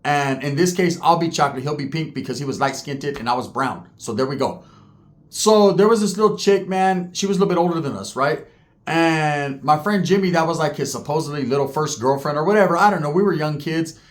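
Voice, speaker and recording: A man's voice: on the high side, fairly quick. A man in his forties from California, telling street stories in a casual, profane way with heavy slang. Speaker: storyteller host.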